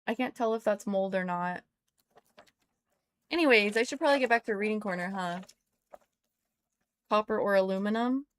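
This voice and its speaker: A woman's voice: mid-range voice, normal speed, pauses often, smooth, no echo. Playful American woman streaming, dry sound. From United States. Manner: playful, rambling, chatting to viewers while tinkering. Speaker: live streamer. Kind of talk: casual live stream chat.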